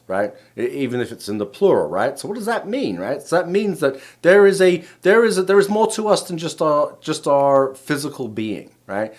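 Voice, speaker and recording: A middle-aged man, a rabbi from England, giving a casual spoken lesson in a rambling way, full of restarts and tag questions. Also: medium pitch. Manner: rambling, many restarts, keeps asking "right?". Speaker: rabbi and show host.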